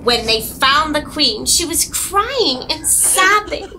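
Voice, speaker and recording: A woman's voice: high voice, noisy background. A woman hosting a children's storytime, reading a picture book aloud and explaining words along the way. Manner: slow, lively and expressive, explains words. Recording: music playing behind.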